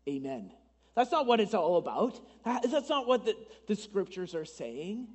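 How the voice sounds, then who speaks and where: A married man preaching a sermon as pastor, talking conversationally, with asides to the congregation and lively acted-out quotes. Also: high voice, normal speed, in a large hall. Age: adult, married.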